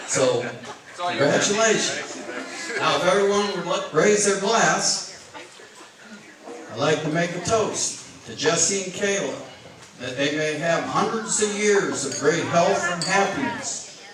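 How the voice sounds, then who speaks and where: A middle-aged man giving a wedding toast as father of the bride, telling a story in plain, folksy country talk. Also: on the high side. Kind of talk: wedding speech. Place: wedding reception hall. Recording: echoey hall from far off, crowd noise. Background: wedding guests laughing.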